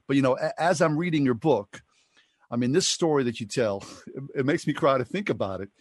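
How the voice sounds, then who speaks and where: A man's voice: medium pitch, animated, fairly quick, husky, dry recording. Effusive male radio host, dry studio sound. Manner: effusive, speaks openly as a fan. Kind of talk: radio interview.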